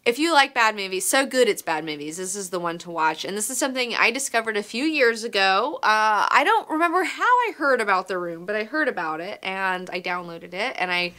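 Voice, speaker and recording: A young woman from Alabama, hosting a casual live stream, animated and profane, jumping from loud excitement to mumbled asides. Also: medium pitch, a little fast, hardly any pauses, rough recording. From Alabama, United States. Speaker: host.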